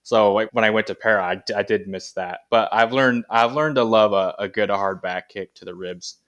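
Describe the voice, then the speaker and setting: Brief: laid-back athlete guest, low voice, casual and rambling. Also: male voice, moderate pace, lo-fi sound. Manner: relaxed, rambling with many fillers. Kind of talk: casual interview chat.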